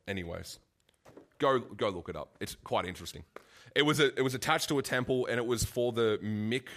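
A man's voice: on the low side, fairly bright tone. A man preaching a casual, conversational sermon, full of asides and restarts.

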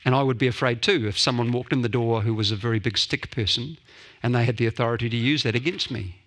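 Bright-voiced pastor, joking. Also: male voice, mid-range voice, fast talker. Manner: playful, jokey asides. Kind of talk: sermon.

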